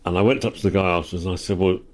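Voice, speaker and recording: A man's voice: sits low, rapid-fire. An older man, a guest and a host's father, chatting casually with exasperated comic rants, recorded indoors at a workplace full of vintage cars. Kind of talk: casual chat.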